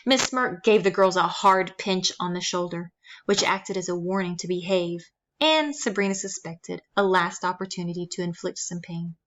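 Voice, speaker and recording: A woman's voice: fairly low pitch, normal speed, fairly bright tone, highs cut off. Woman reading a children's novel aloud. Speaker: reader.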